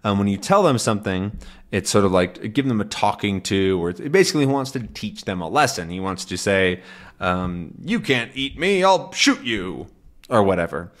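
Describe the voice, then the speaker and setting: A male English teacher explaining a comic to learners in a relaxed way, with many "um"s and "right?"s. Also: low voice, normal speed. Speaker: English teacher, channel host.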